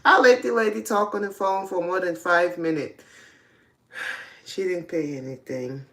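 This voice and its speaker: A woman's voice: lowish voice, a little slow, fairly bright tone. A young adult woman casually telling confessional stories, often breaking into laughter. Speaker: host. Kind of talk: casual storytelling.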